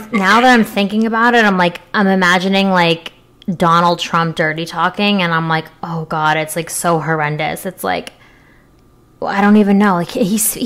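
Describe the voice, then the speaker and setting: A woman's voice: mid-range voice, fairly bright tone. A young woman co-hosting a casual chat show, talking frankly with lots of fillers and jokes. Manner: chatty, filler-heavy, frank and joking.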